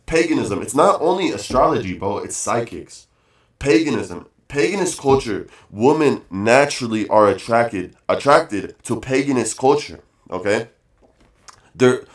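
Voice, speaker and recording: A man streaming a casual rant, emphatic and repetitive, calling his viewers guys and bro, with fillers between points. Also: medium pitch. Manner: emphatic, repeats phrases, says bro and guys often.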